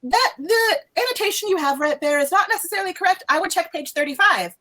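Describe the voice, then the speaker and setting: A chirpy, airheaded divination professor, as a woman puts her on for a tabletop game, her voice pitched well up into a bright, floaty register. She speaks sweetly and brushes every worry aside. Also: lively intonation, quick pace, exaggerated voice. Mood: flustered. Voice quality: high, airheaded. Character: ditzy high-voiced female divination professor.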